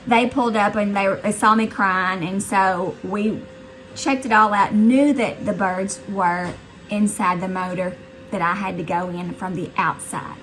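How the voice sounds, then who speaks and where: A woman's voice: medium pitch, a little slow, soft background music, poor audio. Chatty Southern woman telling a story. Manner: chatty, animated storyteller addressing viewers as guys. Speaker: vlogger. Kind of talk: casual vlog storytelling. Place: her house, indoors and out.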